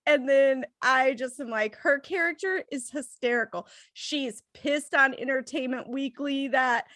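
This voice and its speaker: A high-pitched woman chatting casually about a film as a co-host, quick to giggle and full of animated asides. Her voice sits close to the mic with a dry, dead sound and no room around it. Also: dry recording. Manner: giggly, animated, laughs often. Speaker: movie review co-host. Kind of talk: casual chat.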